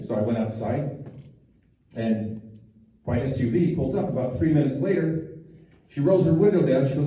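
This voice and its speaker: A man's voice: medium pitch, a little fast, dark tone, a little hiss or hum. A middle-aged man, a preschool teacher, telling rambling, self-deprecating stories as stand-up, with many restarts. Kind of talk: stand-up storytelling. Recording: echoey hall, voice far from mic.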